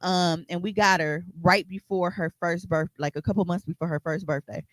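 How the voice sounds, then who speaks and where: A man's voice: high voice, steady tone, moderate pace, fairly bright tone, no echo. A man co-hosting a podcast, telling a story in a loose, casual way, with lots of fillers and swearing. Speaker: podcast co-host.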